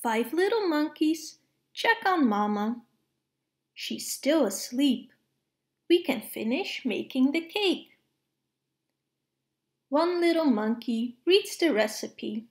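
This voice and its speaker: A woman reading a picture book aloud to young children, expressive, with playful hushes and sound effects. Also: high voice, slow pace, long pauses. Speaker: storybook reader.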